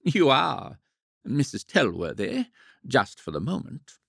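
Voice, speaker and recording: A man reading the part of a flustered but self-assured gentleman in an audiobook, blustering and fussily soothing. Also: medium pitch, huge pitch swings, takes it slowly, vocal fry, husky, no echo, clean studio sound, voice pushed up, exaggerated voice. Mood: fussy.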